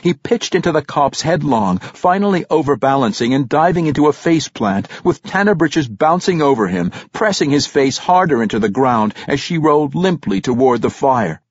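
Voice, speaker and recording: Husky man with an animated reading voice. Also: a little high, moderate pace, few pauses, no echo, highs cut off. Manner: dramatic, expressive reading. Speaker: narrator. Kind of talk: audiobook fantasy narration.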